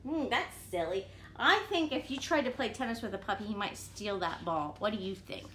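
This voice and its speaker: A woman teacher reading a picture book aloud to children, animated and often asking them questions. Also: mid-range voice, moderate pace, few pauses, a little hiss or hum. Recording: echoey room.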